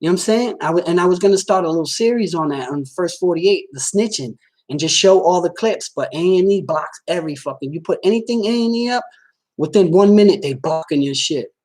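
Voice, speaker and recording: A man's voice: high voice, animated, brisk, darkish tone. Profane streetwise man chatting on a livestream. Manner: talks straight at viewers, often asking if they follow. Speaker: livestream host reading viewer comments. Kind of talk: casual livestream chat.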